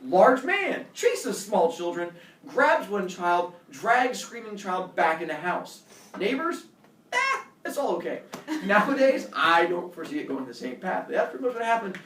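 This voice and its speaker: A male teacher telling a personal story to his class in a lively way, acting out scenes with shouts and voices. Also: sits high, measured pace, slight background noise. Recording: echoey room, mic far off.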